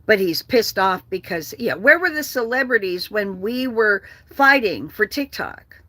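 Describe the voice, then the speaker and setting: A woman's voice: medium pitch, animated, a little slow, bright, forceful tone, no echo. An older woman hosting a casual livestream, ranting bluntly and with swearing while reading out comments from viewers. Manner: blunt, profane, ranting, reads comments aloud. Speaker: livestream host.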